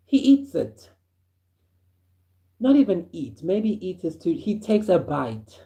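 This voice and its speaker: A man from Africa, telling a first-person story in an animated way and chuckling as he goes. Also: high-pitched, takes it slowly, gravelly, pauses often. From South Africa.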